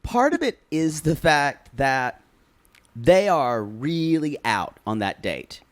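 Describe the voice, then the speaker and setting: A podcast co-host chatting casually, gossiping and teasing in an animated way. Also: medium pitch. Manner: animated, gossipy, quick to laugh and tease. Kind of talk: casual chat.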